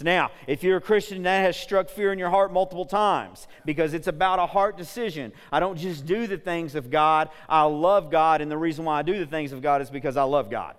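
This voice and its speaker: A man preaching to a congregation with a fast, energetic delivery and a smooth, resonant, slightly high voice. He speaks in a large church hall, and a long reverb follows his words. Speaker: pastor. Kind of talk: sermon. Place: church sanctuary.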